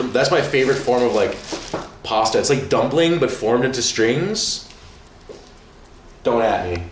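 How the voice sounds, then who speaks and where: A man streaming from home, chatting casually, excitable and profane, rambling from one thing to the next. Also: lowish voice, echoey room, a little hiss or hum. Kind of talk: casual livestream chat.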